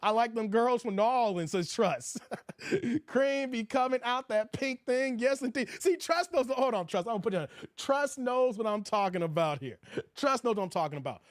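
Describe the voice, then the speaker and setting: A man hosting a livestream, giving loud, crude commentary and reading out his chat. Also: very high voice, lively intonation, moderate pace, dry recording, clean studio sound. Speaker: host of a livestream commentary show.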